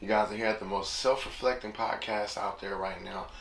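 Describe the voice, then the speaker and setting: A young man hosts his own podcast alone, drifting from thought to thought in a relaxed, reflective ramble and returning again and again to the same catchphrases. His voice sits low. The recording has an echoey room sound with steady noise behind him. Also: brisk, vocal fry. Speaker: podcast host. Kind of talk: casual solo podcast monologue.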